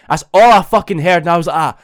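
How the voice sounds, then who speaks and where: A young man rattles through a story at a fast clip. His voice sits a little higher than most men's. He rambles, swears constantly and keeps tagging his lines with "right?". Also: fairly bright tone. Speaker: vlogger. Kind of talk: casual storytelling to camera.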